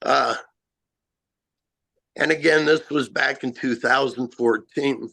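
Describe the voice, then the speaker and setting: A man telling a first-person encounter story in a halting, rambling way, full of "you know" and "uh" fillers. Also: medium pitch, fairly even intonation, vocal fry, pushed and bright. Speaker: eyewitness guest.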